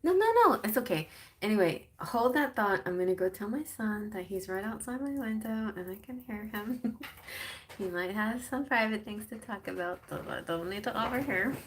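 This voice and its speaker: A woman's voice: medium pitch, normal speed. A woman doing a casual live-stream tarot reading, reading card meanings aloud with chatty asides. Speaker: tarot reader.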